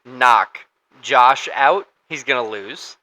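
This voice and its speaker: Bright-voiced man chatting fight picks. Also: mid-range voice, slow pace, poor audio. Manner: conversational, hesitant with fillers and restarts. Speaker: podcast co-host. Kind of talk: casual sports podcast chat.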